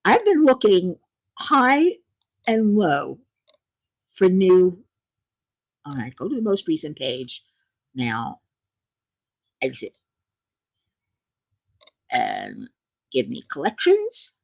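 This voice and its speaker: Chatty husky woman with a lively voice. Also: fairly low pitch, slow pace, pauses often. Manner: chatty, laughs often, lively and playful. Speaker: channel host. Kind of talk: casual chat to viewers.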